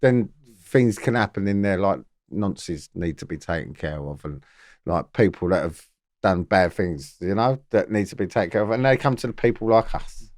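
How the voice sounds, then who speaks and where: A man's voice: sits low, animated, normal speed, a little mellow, no echo, studio quality. A man with a London accent, a podcast guest who explains things plainly and checks in with tag questions. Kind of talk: casual interview talk.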